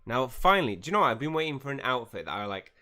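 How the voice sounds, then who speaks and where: A male gaming streamer in a mid-range voice races through live gameplay commentary with a sharp tone and big pitch swings. He chats casually, reads game dialogue aloud and laughs often.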